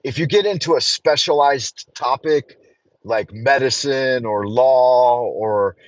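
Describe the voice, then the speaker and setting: A man's voice: medium pitch, slow pace, no room sound. A man hosting a casual livestream from his car while driving, rambling, joking and swearing freely. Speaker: livestream host. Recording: dull, dry lo-fi sound.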